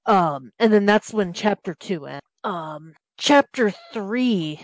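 A woman's voice: medium pitch, expressive, slow pace, no echo, rough recording. Rambling woman recapping a game plot. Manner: rambling, lots of restarts and "um"s.

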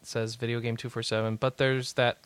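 A man's voice: medium pitch, brisk, clear, resonant tone. A young man hosting a gaming podcast, chatting casually, reading out news and jumping in to correct the others. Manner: excitable, cuts in to correct others. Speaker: podcast host.

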